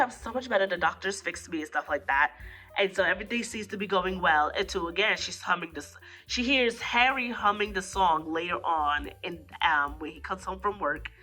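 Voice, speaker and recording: A woman's voice: on the low side, pushed and bright. Chatty woman recapping a movie. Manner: rambling, filler-heavy, acts out quotes. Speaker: movie reviewer. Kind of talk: casual spoken plot recap.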